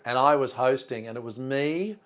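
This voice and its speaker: A man, a comedian guest telling camp showbiz stories with quick quips. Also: medium pitch, a bit bright. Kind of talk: casual interview chat.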